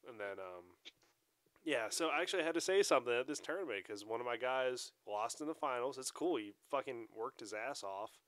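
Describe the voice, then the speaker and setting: Animated swearing man in casual chat. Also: mid-range voice, a little fast, no room sound. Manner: animated, swears a lot, acts out quotes in a raised voice. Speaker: podcast co-host.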